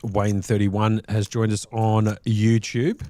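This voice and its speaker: A man's voice: on the low side, little pitch movement, slow pace, dark tone, no echo. A man doing live poker tournament commentary from a booth, often breaking into laughter. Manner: giggly, laughing through lines.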